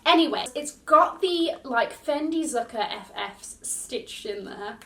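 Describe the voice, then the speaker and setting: A young British woman giving a gushing, excitable unboxing chat as a fashion vlogger, recorded with roomy echo from a distance. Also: on the high side, unhurried.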